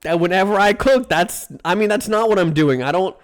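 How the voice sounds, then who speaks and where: Guy streaming, kinda high voice, rambly crude jokes, stretches out words. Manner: rambling, crude jokey banter, drawn-out food names. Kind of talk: casual live-stream chat.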